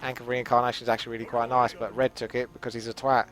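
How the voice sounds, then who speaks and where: A man's voice: mid-range voice, little pitch movement, very fast, a bit bright. A British man commenting on his game in a casual, cheeky and rambling stream chat, swearing freely. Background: game music.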